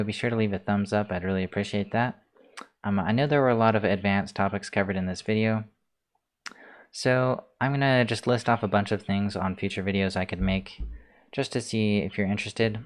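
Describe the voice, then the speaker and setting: A man hosting a casual screencast coding tutorial, talking through his steps in a relaxed way with many ums, keyboard clicks heard. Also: low-pitched, clear, resonant tone. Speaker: tutorial host.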